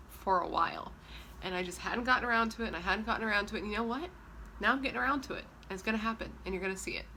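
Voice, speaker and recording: A woman's voice: medium pitch, bright, forceful tone, slight background noise. A young woman vlogger chatting playfully to camera at home, swatching lipsticks with jokey asides. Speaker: beauty vlogger. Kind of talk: casual chat to camera.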